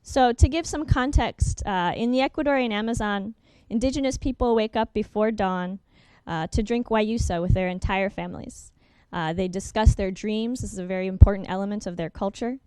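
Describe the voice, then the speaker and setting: A young adult woman's workshop talk over slides comes across fast, with plenty of ums and uhs and self-corrections as she restarts sentences. Her voice is smooth and clear, medium in pitch, and a little mellow. The audio is dry and close, free of room echo.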